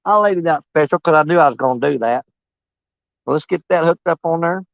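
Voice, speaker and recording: A man's voice: a little high, a little fast, gravelly, no room sound, muffled recording. A man, rambling and joking about himself as he rigs his fishing rods outdoors for his vlog. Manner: rambling, joking, self-mocking. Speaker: fishing channel host. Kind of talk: casual outdoor vlog talk.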